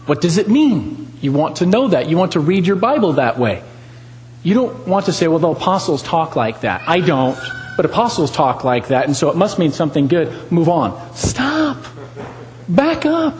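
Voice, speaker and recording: A man's voice: a little high, lively intonation, moderate pace, darkish tone, big-room sound, a little hiss or hum, low-quality recording. A man preaching a sermon, talking with animation, asking the congregation questions and repeating lines for emphasis.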